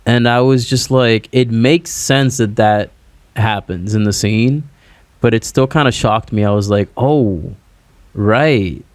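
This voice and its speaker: A man's voice: medium pitch, steady tone, measured pace, clean tone, no room sound. A man, a musician guest, chatting casually on a podcast over a remote call, rambling and filling his talk with "like" and "you know".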